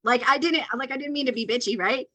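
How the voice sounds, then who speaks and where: Woman, middle-aged, bright tone, casual co-host, chatty, filler-heavy, video call. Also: high-pitched, fast, low-quality recording. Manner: chatty storyteller, many fillers, deadpan jokes. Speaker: podcast co-host. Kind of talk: casual chat.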